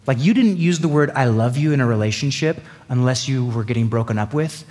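A man's voice: medium pitch, expressive, fairly quick, a little mellow, big-room sound. A man preaching a sermon as pastor, conversational with joking asides. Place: church sanctuary.

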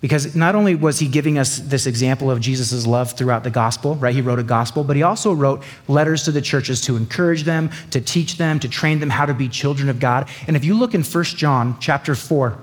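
A man's voice: mid-range voice, fairly quick, few pauses, husky, long reverb tail. A man preaching a sermon as pastor, conversational with joking asides. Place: church sanctuary.

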